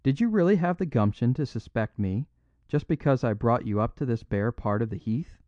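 A man's voice: mid-range voice, expressive, normal speed, darkish tone, no room sound, lo-fi sound, lightly acted. A man voicing a bold master thief who talks with intense, threatening bluster. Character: bold, swaggering master thief, forceful and menacing.

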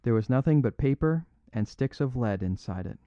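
A man narrating a classic story in an expressive reading. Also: mid-range voice, normal speed, no room sound, highs cut off. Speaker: audiobook narrator.

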